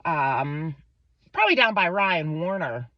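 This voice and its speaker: Low-pitched and unhurried, a Pennsylvania woman in her thirties shares a profane, lively story about her child, quoting and impersonating the people in it. It comes through as a dull, dry lo-fi recording.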